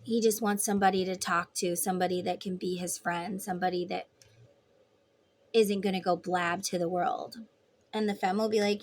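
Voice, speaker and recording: A woman's voice: medium pitch, steady tone, moderate pace, darkish tone, a little hiss or hum. Lady doing a tarot reading, rambly and talky, acts out what people might say. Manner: chatty, rambling, acts out imagined lines. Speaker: tarot reader. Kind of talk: casual tarot reading monologue.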